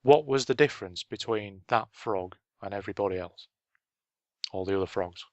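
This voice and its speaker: A man's voice: fairly low pitch, normal speed, dry recording. A man co-hosting a casual business chat, telling stories with dry punchlines. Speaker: podcast co-host.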